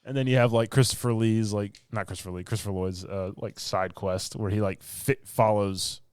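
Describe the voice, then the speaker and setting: A man's voice: fairly low pitch, steady tone, normal speed, darkish tone, clear, resonant tone, no echo. Rambling, laughing podcast guy. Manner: rambling, filler-heavy retelling with bursts of laughter. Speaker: podcast co-host. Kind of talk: casual movie review chat.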